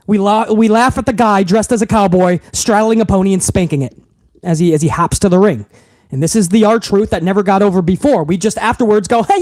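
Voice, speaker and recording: A man's voice: high-pitched, a little mellow, no echo. A man hosting a live wrestling recap stream, talking in a profane, rambling way with frequent restarts. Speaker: wrestling show host.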